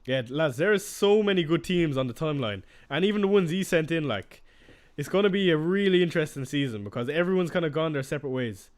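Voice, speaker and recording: A man's voice: a little high, animated, fast talker, smooth. A young man chatting casually on a live stream, reading out and answering viewer questions as he goes.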